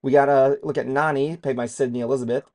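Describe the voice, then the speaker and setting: A man's voice: medium pitch, fairly even intonation, fast talker, mellow. A man co-hosting a trailer reaction show in casual chat, rambling and self-deprecating and swearing freely as he goes.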